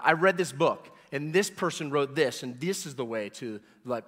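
Pastor, 40s, male, mid-pitched, emphatic preaching style, long reverberant hall sound. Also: lively intonation, moderate pace. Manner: emphatic preacher, repeating words and swelling loud on key points. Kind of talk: sermon.

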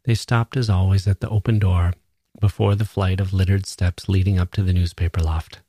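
A man reading a literary short novel aloud in a measured, even way. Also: low voice, slightly rough, no echo, clean studio sound. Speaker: audiobook reader. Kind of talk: literary story narration.

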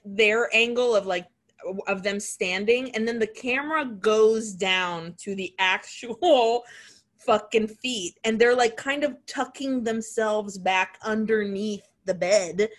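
A woman co-hosting a casual podcast, her voice sitting a little high. She swears freely, laughs easily and acts out the scenes she recaps. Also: unhurried. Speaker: podcast co-host. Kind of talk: casual chat recapping a horror film.

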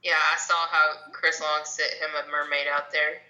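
A woman in casual chat, chatty and quick to affirm what others say. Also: low-pitched, flat delivery, sharp tone, lo-fi sound.

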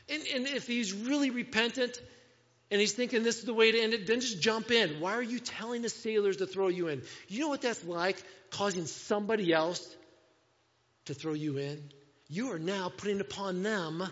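A high-pitched male pastor preaches emphatically, firing rhetorical questions and swinging from a hush to sudden loud bursts. His voice rings with a long reverb through a church hall, and the recording sounds dull and lo-fi. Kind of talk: sermon.

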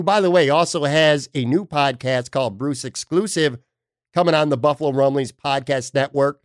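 A man's voice: fairly high pitch, no echo, clean studio sound. A man hosting a sports podcast, talking in a blunt, emphatic, casual way with the odd swear word. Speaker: podcast host.

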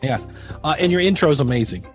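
A man's voice: on the high side, lively intonation, fast talker, faint music behind. A middle-aged man talking candidly as a podcast guest, telling stories in a self-deprecating way with many restarts. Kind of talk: casual interview chat.

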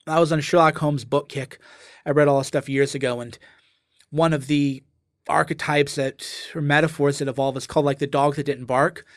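Brief: male guest, casual and animated, acts out quoted lines, dry recording. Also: on the high side, moderate pace, no room sound. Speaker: interview guest. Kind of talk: casual conversational explanation.

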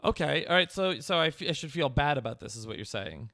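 Hesitant deadpan male podcast host. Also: fairly high pitch, fast, no echo, clean studio sound. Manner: hesitant, full of fillers, deadpan. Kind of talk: comedy podcast chat.

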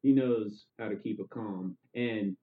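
A man's voice: lowish voice, measured pace. A man in casual chat, rambling through a story and acting out lines in passing. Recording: phone-like narrow sound.

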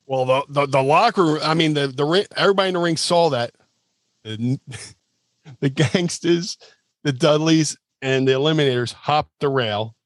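A man's voice: a little high, normal speed, no echo. A man telling stories as a guest in casual chat, acting out quotes and sound effects. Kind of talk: casual storytelling.

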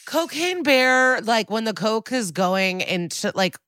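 A woman co-hosting a podcast in casual chat, recapping a TV episode and acting out the characters' lines with sudden jumps in pitch. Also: animated, slow pace, fairly bright tone, clear, resonant tone, dry recording, studio quality.

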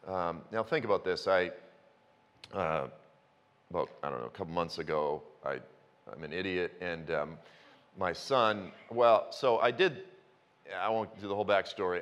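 A man in his fifties preaching a sermon, telling stories with self-mocking humor and breaking into sudden high outbursts. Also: fairly bright tone. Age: 50s. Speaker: pastor. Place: church sanctuary. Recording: long reverb of a church hall.

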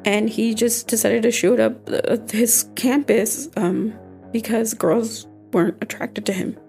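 With faint music in the background, a young female podcast co-host chats casually at a measured pace. Her voice is a little high, creaky, and dark in tone, and steady in pitch, while her conversational style stays loose with frequent fillers and restarts.

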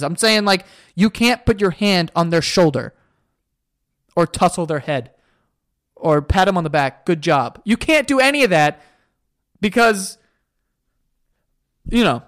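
A young man hosting a solo podcast, ranting in an exasperated, profane way. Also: high-pitched. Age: young adult. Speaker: podcast host.

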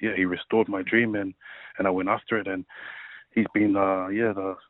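A man in his thirties, a rugby league player, telling his personal story in a casual interview, halting and full of fillers. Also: low voice, little pitch movement, dry recording. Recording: tinny phone-like line.

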